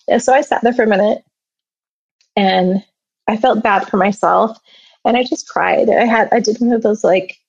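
Earnest woman with a gravelly edge. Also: mid-range voice, no room sound. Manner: earnest, candid, emotional retelling. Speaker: storyteller. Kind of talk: personal story told to an audience. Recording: slightly dull sound, faint music behind.

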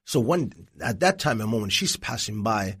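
Husky middle-aged guy telling his testimony, earnest and animated, trips over words a bit. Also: lowish voice, normal speed. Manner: earnest, animated storytelling with frequent restarts. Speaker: guest, Christian evangelist. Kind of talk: personal testimony in an interview.

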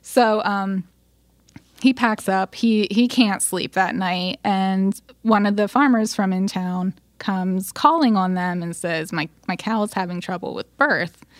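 With a medium-pitched voice and a measured pace, this woman co-hosts a podcast and recounts a story in casual conversation, recorded with no room sound. She performs the quotes with animation and leans on frequent fillers.

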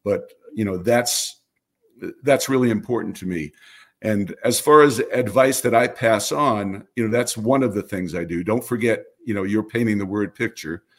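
An older man, a baseball radio announcer, calmly explaining his craft in an interview with a lot of "you know". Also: fairly low pitch, normal speed. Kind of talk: relaxed interview answers.

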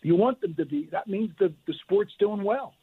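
A man's voice: high-pitched, animated, moderate pace, slightly rough. An older man, a retired referee, telling stories animatedly as a guest, often restarting and repeating words, heard over a tinny phone line. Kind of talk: phone interview storytelling.

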